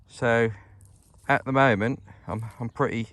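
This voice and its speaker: Out in a field with his metal detector, a British vlogger talks to viewers in a chatty, upbeat walk-and-talk, addressing them as ladies and gents. He speaks at a medium pitch in a steady, unhurried, slightly bright voice, with no room sound.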